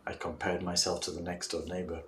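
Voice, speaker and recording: Low-voiced man on a distant, roomy mic. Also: brisk, a little hiss or hum. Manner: animated storytelling, acts out clients' replies. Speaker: guest coach. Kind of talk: casual interview talk.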